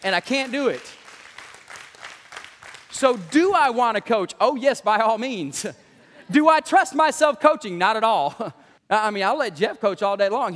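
A male pastor preaching a lively, joking sermon with frequent laughs, recorded in a church. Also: high voice. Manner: animated, joking, laughs often. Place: church sanctuary. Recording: long church hall reverb.

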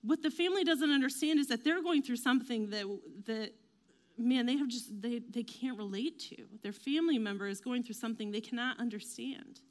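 A woman speaks in a relaxed, chatty way, sharing reflections with plenty of fillers and restarts. Her voice sits a little high. She slips into quick, animated mini-impressions of other people as she talks. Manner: chatty, self-deprecating, many fillers; quick, animated acted-out quotes. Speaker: devotional speaker. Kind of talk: casual faith talk.

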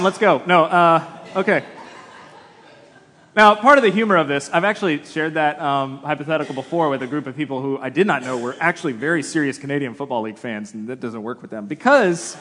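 A man preaching a sermon in a relaxed, conversational way, with self-deprecating humor. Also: a little high. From United States. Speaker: pastor. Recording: long hall reverb.

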